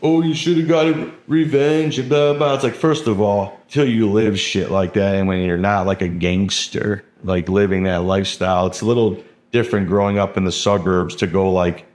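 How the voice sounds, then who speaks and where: A young man with a fairly low voice tells his story casually, rambling along with constant fillers and a lot of swearing. The recording has a roomy, echoing sound around him. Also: fairly even intonation, normal speed, few pauses, darkish tone. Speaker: guest telling his story. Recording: roomy echo.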